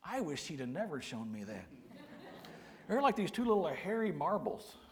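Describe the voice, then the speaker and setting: A man, preaching a sermon with folksy, humorous storytelling and quiet, earnest emphasis. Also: fairly high pitch, very animated, normal speed. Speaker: pastor. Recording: long hall reverb.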